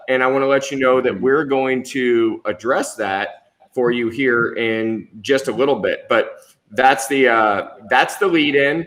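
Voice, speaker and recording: A man's voice: medium pitch, a little slow, a bit bright. A man co-hosting a livestream, talking in an upbeat, friendly way and laughing often. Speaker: co-host of a livestream show. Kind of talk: casual live-stream chat.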